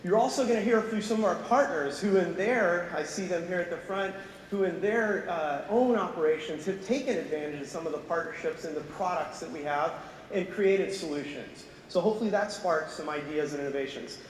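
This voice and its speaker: A man's voice: sits high, fairly quick. A man presenting at an industry event, upbeat and thankful as he introduces the next speaker. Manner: upbeat, thankful, with filler "uh" restarts. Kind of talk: conference opening remarks. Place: large conference hall on stage. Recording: echoey hall, distant mic, faint noise.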